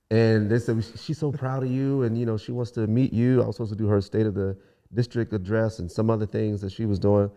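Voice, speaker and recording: A young man from Washington DC, a guest singer, telling stories in a casual podcast interview and acting out the people he quotes. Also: lowish voice. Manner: relaxed storyteller, acts out quoted voices.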